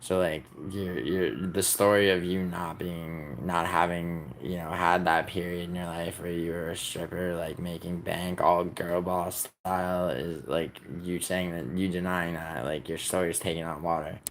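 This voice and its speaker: A young man from the United States talks loosely to his livestream audience, teasing commenters and rambling in a low, gravelly voice. His speech is full of "like" and restarts. A faint hiss of noise sits under the recording. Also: flat delivery, a little slow, hardly any pauses. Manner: rambling, heavy on "like", teasing viewers. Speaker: livestream host. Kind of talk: casual livestream chat reading comments.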